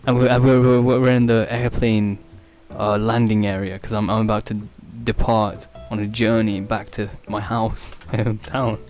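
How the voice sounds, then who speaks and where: A young man hosting a podcast, rambling through an improvised absurd comedy story, often laughing at his own jokes and leaping up in pitch when he quotes people. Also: flat delivery, moderate pace, few pauses, darkish tone, faint music behind. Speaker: podcast host.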